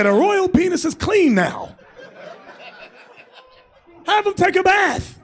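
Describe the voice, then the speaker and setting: A man preaching as a bishop in a loose, comic style, animated and often shouting, acting out quotes. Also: very high voice, slow pace, long pauses.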